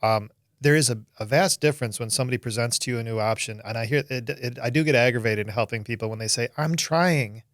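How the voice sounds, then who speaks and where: A man co-hosting a casual conversation, earnest and halting, with frequent restarts. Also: mid-range voice, no room sound, clean studio sound. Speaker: co-host.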